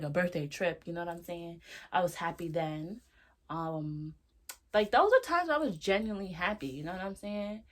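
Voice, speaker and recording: A young woman with a slightly low-pitched voice talks into a close camera, sharing a candid video diary. Her speech is loose and slangy, full of fillers and asides as she reflects out loud. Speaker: vlogger.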